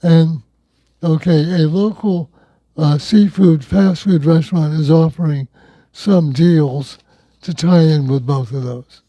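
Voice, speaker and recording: A man's voice: on the high side, slow, warm tone, dry recording. A man hosting a local talk radio show, reading news items in a conversational, wry way.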